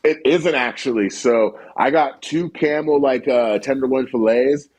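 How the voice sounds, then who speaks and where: Man, 30s, husky breathy voice, casual podcast guest, animated, swears a lot, playful. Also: medium pitch, a little slow, rough recording. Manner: animated storyteller, swears freely, quotes people in funny voices. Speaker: podcast guest, cooking content creator.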